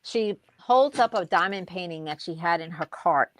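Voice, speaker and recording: A woman who runs a crafting YouTube channel, telling an unhurried story in casual chat with fillers and soft laughs. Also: lowish voice, animated, no room sound.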